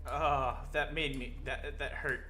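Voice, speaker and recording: A young man giving casual, excitable commentary while playing a video game, swearing often and yelping when startled. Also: mid-range voice, measured pace. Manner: excitable, swears a lot, yelps when scared. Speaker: gaming video host.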